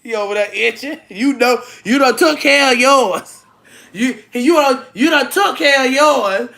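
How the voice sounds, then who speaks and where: In a casual vlog recorded indoors at home, a woman tells stories with a voice on the high side and a bit bright. She keeps a measured pace, laughs often, and talks bluntly with many restarts.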